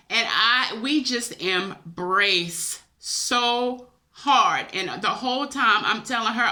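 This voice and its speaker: A woman's voice: a little high, animated, measured pace, bright, forceful tone. A woman vlogger, emotional and chatty, tells viewers a personal dream story, teary-eyed and calling them y'all.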